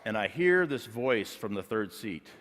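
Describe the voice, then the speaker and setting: A man preaching a sermon as a pastor, telling a personal story and building to loud, emphatic points. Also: on the low side, very animated, measured pace. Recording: long reverb of a large hall.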